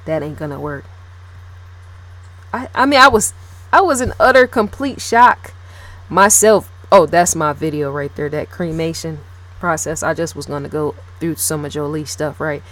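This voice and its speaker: Blunt, emphatic woman speaking low. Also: normal speed, fairly bright tone. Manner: blunt, emphatic and repetitive, swears freely. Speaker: video blogger. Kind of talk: casual opinionated commentary to camera.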